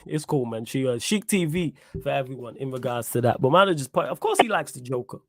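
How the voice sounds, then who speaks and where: A man hosting a casual podcast chat, teasing his co-host and getting loud and high-pitched when he is worked up. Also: fast talker, no echo, studio quality. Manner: animated, teasing, rises sharply in pitch when excited.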